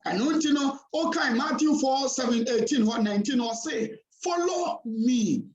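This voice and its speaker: A pastor with a Ghanaian accent preaching a sermon, repeating key phrases with emphasis. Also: male voice, very high voice, normal speed, lo-fi sound. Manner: preaching in a mix of Twi and English, emphatic repetition. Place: church hall. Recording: echoey church hall.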